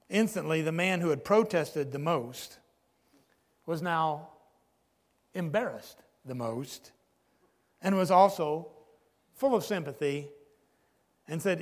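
High-voiced preacher in an echoing hall. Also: male voice. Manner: earnest, pausing often, drops low on key phrases. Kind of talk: sermon.

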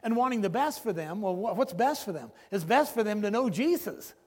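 A man preaching a sermon, earnest, pausing often and dropping low on key phrases. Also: lively intonation, husky, long reverb tail.

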